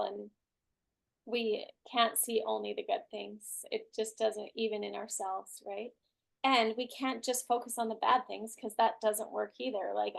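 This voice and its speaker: Woman, class host, casual chatty talk, creaky voice, slightly high pitch. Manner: chatty, many "like" and "right?" fillers.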